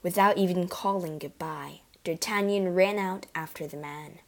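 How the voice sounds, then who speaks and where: A woman narrating a children's adventure storybook in a clear, steady reading voice. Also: on the low side, normal speed.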